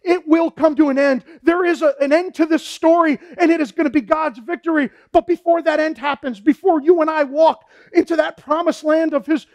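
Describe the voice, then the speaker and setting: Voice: high-pitched, brisk, hardly any pauses, a little mellow. A pastor preaching a sermon in a fervent, repetitive way, often saying "man" and "folks".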